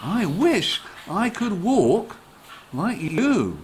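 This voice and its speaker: A man's voice: high voice, a little hiss or hum, exaggerated voice. A man doing a cawing black crow, hurt. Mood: hurt, scolding. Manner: cawing, drawn-out lively storybook voice. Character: sulky black crow, gentle but hurt.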